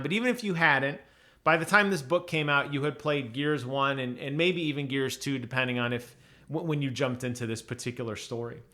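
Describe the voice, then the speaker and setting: A man's voice: a little high, fairly bright tone. A man casually reviewing an audiobook on his channel, chatty, with many ums and restarts.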